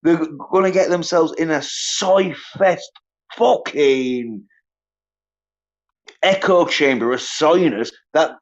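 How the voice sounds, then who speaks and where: A man rants alone on a livestream, swearing constantly and dragging out his words slowly. His voice sits a little high for a man. The stream audio is dull and lo-fi. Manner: profane, ranting, mocks others in high whiny voices. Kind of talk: angry solo livestream rant.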